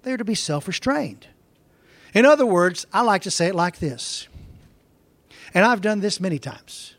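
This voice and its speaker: A man pastor preaching a sermon, telling folksy stories and slowing down to read scripture verse by verse. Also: high-pitched, lively intonation, fairly bright tone, no echo.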